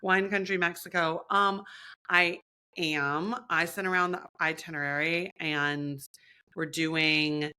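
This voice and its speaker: A woman's voice: low-pitched, takes it slowly, smooth. A young woman co-hosting a podcast, chatting casually and acting out other people's lines as she tells stories. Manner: animated storytelling, acts out others' lines. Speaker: podcast co-host. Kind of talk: casual chat.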